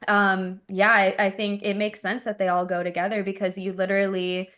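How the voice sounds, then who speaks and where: A woman's voice: medium pitch, little pitch movement, brisk, a bit bright. Enthusiastic woman podcast co-host. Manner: enthusiastic, retells stories with hesitant "um"s. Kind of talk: casual conversational podcast.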